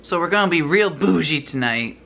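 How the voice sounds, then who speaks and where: A young male vlogger films himself browsing a home goods store, chatting playfully and laughing a lot. His voice is on the high side, expressive and sharp, with vocal fry and a slightly fast pace.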